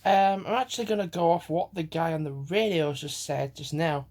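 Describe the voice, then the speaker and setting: A man's voice: a little high, normal speed, darkish tone, no echo. A man vlogging casually while out on a walk, out of breath and sighing often as he rambles. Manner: rambling, chatty, sighs often. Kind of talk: casual vlog chat while walking. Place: outdoors on a walk. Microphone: phone held while walking.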